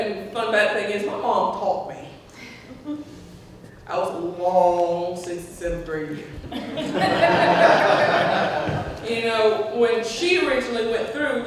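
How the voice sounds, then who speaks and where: A woman's voice: medium pitch, far from the mic, a little hiss or hum. Woman telling stories in an echoey hall. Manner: animated, acts out quoted voices, laughs often. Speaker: speaker at a memorial tribute. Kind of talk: personal storytelling to a gathering. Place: large hall at a community gathering.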